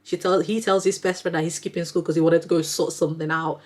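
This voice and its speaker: A woman's voice: fairly low pitch, steady tone, quick pace. Rambling, chatty woman reviewing books. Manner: chatty, rambling, heavy use of "like" fillers. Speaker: book reviewer, neonatal nurse. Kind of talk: casual book review chat.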